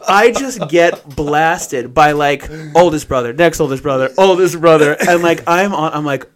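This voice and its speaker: A man in his thirties with a slightly high voice, telling a long story in a casual chat. He rambles, laughs often and swears freely. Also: expressive, a little slow, few pauses.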